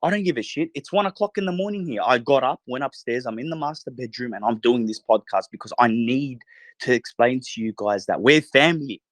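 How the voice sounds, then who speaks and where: Late at night, a male podcast host broadcasts from a bedroom in a holiday house, delivering a fervent, profane, rallying monologue to his listeners. His mid-range voice moves briskly, and the recording is dry.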